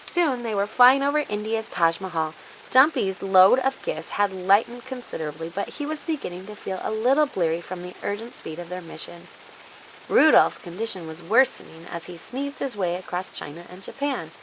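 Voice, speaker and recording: A woman reads a children's storybook aloud and brings every scene to life. Her voice is bright and clear. A faint hiss runs under the recording. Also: medium pitch, normal speed, poor audio. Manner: expressive, animated read-aloud.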